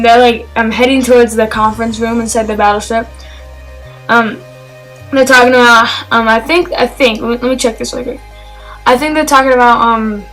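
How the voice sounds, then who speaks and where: In this low-quality clip, an eager woman who sounds young rambles through a casual film review. Her pitch is fairly high and a bit bright, and her enthusiastic delivery stumbles along with many fillers and restarts.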